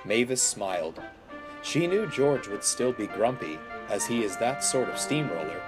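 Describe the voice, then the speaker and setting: A man reading a children's story aloud in an expressive, dramatic narration. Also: on the low side, a little slow, music in the background.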